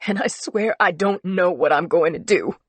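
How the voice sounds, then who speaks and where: A woman's voice: lowish voice, moderate pace, husky, dry recording. A woman voicing a frightened woman doctor facing cancer, pleading and shaky with emotion in an audiobook scene. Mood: tearful.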